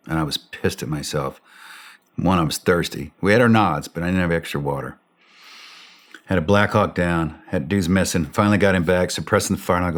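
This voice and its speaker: A man telling a war story in a blunt way, swearing freely and acting out the shouted radio calls. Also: sits low, fairly quick. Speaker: interview guest.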